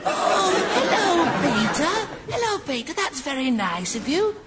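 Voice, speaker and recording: A man's voice: very high-pitched, very animated, a little slow, a loud crowd, very noisy, full character voice. A quavering, confused old father. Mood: gentle. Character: frail, confused old father, elderly man. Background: audience laughter.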